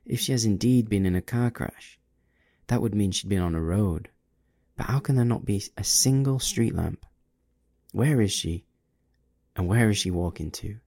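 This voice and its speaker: Male audiobook narrator, measured and low, with a gravelly, dry close sound. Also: a little mellow, no echo. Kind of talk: audiobook story reading.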